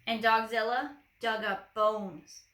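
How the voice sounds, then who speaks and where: Bright woman reading a storybook aloud. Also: fairly high pitch, takes it slowly. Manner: lively, with playful asides. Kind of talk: reading a picture book aloud. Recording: echoey room.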